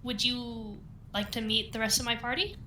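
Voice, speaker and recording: A young woman with a high, very bright voice plays a tabletop game, excitable and quick to gush. She reacts eagerly and giggles often. There is a faint hum of room ambience behind her. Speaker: player. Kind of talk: playing a tabletop game in character.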